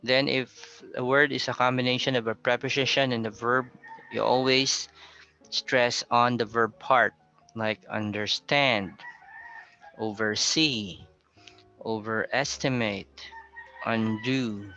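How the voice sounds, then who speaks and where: Male teacher, patient classroom lecturer, bright voice with a gravelly edge, quizzes his class. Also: medium pitch, level tone, unhurried. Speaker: pronunciation teacher. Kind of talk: classroom lecture on word stress. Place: classroom with a blackboard. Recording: dull lo-fi sound with faint music.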